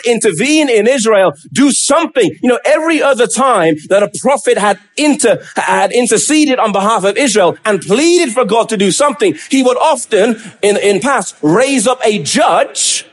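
A man preaching a sermon, acting out a prophet's pleading questions and dropping low and slow to stress key words.

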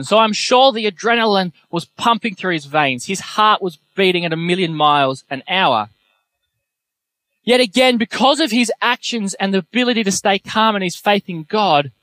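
A young man preaching a sermon, telling self-deprecating personal stories in a lively way. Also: high-pitched.

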